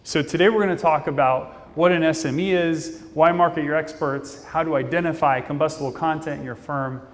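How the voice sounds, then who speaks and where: A man giving a fast, casual, jokey conference talk from a stage. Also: fairly high pitch. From Indianapolis, Indiana, US. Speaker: conference speaker. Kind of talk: keynote presentation. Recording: long reverb of a conference hall.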